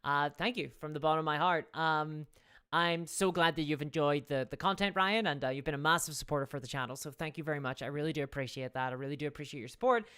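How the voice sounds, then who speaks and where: A woman's voice: low voice, steady tone, quick pace, a bit bright, smooth. A woman hosting a live stream, chatting casually, rambling with restarts and thanking viewers for donations. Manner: rambling, with frequent restarts and fillers.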